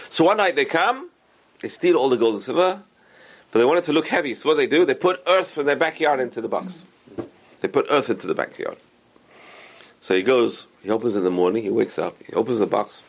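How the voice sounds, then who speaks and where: Animated man telling a moral story. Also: mid-range voice, fairly quick, gravelly. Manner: animated, acts out characters' lines. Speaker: religious storyteller.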